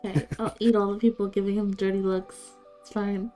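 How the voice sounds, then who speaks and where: A woman's voice: medium pitch, level tone, brisk, dark tone, soft background music. A woman playing a tabletop game in character, playful and giggly. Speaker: player.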